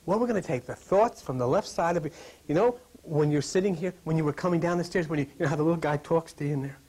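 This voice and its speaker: A man preaching a lively sermon to a congregation, joking and dropping to a whisper to stress points. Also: on the high side, quick pace, breathy edge. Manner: animated, jokey, drops to whispers for emphasis.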